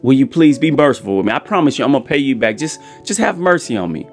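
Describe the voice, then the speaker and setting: A man's voice: mid-range voice, big pitch swings, fast, soft background music, pitched above the performer's own voice. A man voicing a poor man who pleads in casual slang over a small debt he cannot pay. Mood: pleading.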